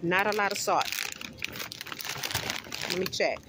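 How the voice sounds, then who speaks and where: A woman's voice: lowish voice, takes it slowly, noisy background. A woman vlogging on a handheld phone, chatty and affectionate toward her viewers, out of breath from walking outdoors and then through a store. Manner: chatty, affectionate, addresses viewers as you guys. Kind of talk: casual vlog chat to viewers. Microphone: phone held in hand.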